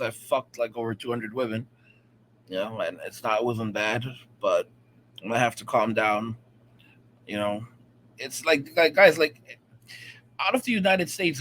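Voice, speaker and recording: A man's voice: mid-range voice, fairly bright tone, slight background noise. A man ranting casually and profanely to his viewers, rambling and repeating himself, often checking in with "all right?". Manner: profane, rambling, repetitive and emphatic. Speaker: vlogger. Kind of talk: casual rant to camera.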